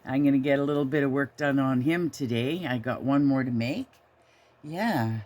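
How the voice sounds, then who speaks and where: A woman's voice: a bass voice, moderate pace, a little mellow. Chatty older woman vlogging from a trailer. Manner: chatty and rambling, talks fondly to her dog. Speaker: knitting podcast host. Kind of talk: casual vlog chat. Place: inside a small trailer in the woods.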